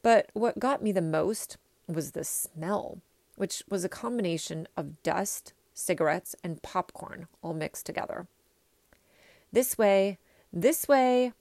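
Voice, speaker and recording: A woman reading a children's story aloud in an expressive first-person way. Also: on the low side, a little slow, gravelly, no room sound. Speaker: reader.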